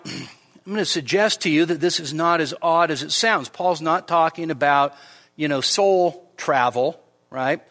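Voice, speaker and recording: A man's voice: a bit bright, big-room sound. A man preaching a midweek sermon in a conversational way, with many fillers and "right?" checks, who lifts his voice when he quotes scripture. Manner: rises sharply in pitch and volume when quoting scripture. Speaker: pastor. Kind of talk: expository sermon. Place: church sanctuary.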